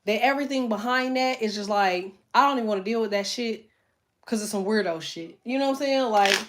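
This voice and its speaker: A woman's voice: on the high side, brisk, slight background noise. Blunt, profane middle-aged woman streaming. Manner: blunt, profane, emphatic, talks straight to viewers. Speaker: tarot reader and livestream host. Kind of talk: casual livestream chat.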